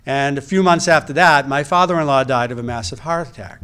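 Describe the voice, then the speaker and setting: Smooth-voiced middle-aged man telling his story. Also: mid-range voice, brisk, pushed and bright. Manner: conversational storytelling with frequent restarts and wry asides. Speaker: reproductive endocrinologist giving personal testimony. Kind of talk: personal testimony talk.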